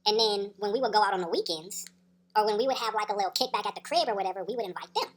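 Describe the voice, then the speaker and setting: A woman's voice: medium pitch, very fast. A woman telling a story in a casual, slangy, profane way, laughing as she goes. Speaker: storyteller vlogger.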